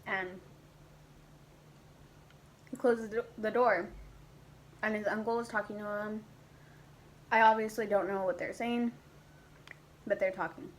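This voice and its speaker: Young woman, vlogger, casual storytime chat, mid pitch, animated, swears casually, home camera mic. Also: a little slow, long pauses, a little hiss or hum, low-quality recording. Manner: animated, swearing, acts out her past self in high squeaky voices.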